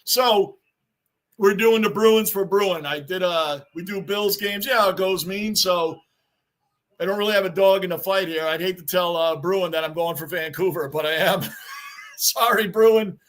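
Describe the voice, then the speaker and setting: A man hosting a live sports reaction stream, excitable and rambling, greeting chat viewers by name as he chats. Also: high voice, moderate pace. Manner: rambling, chatty and repetitive. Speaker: livestream host.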